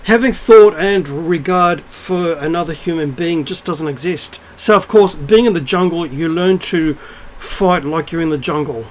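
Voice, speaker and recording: A middle-aged man with a voice on the high side speaks a little slowly but with few pauses, ranting bluntly and scornfully to camera and swearing freely. He's a spiritual vlogger, captured on a low-quality recording.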